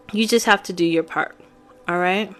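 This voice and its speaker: A woman reads tarot on a live stream in a slow, easygoing way. She chats casually and speaks straight to her viewers at a mid pitch. Soft music plays faintly in the background. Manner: chatty, addresses viewers directly. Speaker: tarot reader. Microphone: phone on a live stream.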